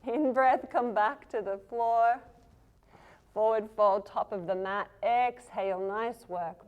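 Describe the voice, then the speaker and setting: A woman teaching a yoga class, calmly cueing poses and breaths while moving, breathing heavily herself. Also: a little high, slow, lo-fi sound. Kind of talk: guiding a yoga flow.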